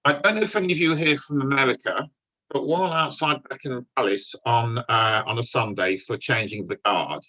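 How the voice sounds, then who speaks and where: An older man, a guest speaker telling wry, deadpan stories from his police career to an audience. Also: medium pitch, rough recording. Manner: dry, wry storytelling with deadpan punchlines. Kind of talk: anecdotal talk to an audience.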